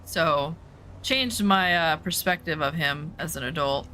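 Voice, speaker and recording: A woman's voice: low-pitched, a little slow, sharp tone, a little hiss or hum. A woman streamer talking candidly in casual chat while playing a game, rambling with lots of fillers.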